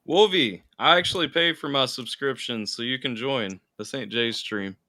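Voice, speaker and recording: A man's voice: medium pitch, moderate pace, no room sound. A man hosting a casual livestream chat, rambling easily and swearing now and then. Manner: relaxed, swears freely, trails off. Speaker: stream host.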